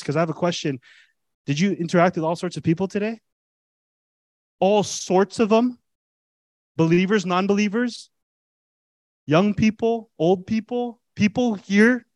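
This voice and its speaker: A male pastor preaches an animated, conversational sermon, pushing his listeners with rhetorical questions. His slightly high voice sounds dry and close-miked, with little echo from the room.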